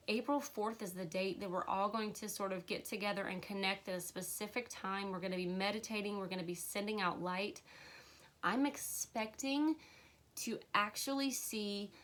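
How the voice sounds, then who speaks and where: Earnest woman with a cold, spiritual livestream. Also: mid-range voice. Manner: earnest, emotional, with frequent fillers and soft laughs. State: has a cold, occasional cough. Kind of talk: casual spiritual livestream talk. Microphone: livestream camera mic.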